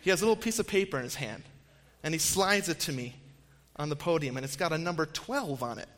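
A man in his thirties delivers a relaxed storytelling sermon, easygoing and self-deprecating, with plenty of ums and restarts. His voice sits a little high for a man. The sound carries a long reverb from a large hall. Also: fast talker. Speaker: campus minister speaking to an audience.

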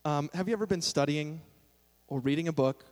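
A man's voice: a little high, brisk, darkish tone. A young man preaching a sermon in a casual, self-deprecating way, with sudden emphatic bursts. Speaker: pastor. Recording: long hall reverb.

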